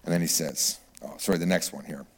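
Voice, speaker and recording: A middle-aged man preaching a sermon, swinging from loud exclamations to hushed whispers. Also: rumbling low, fairly even intonation, fairly quick. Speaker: pastor. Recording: long reverb of a large hall.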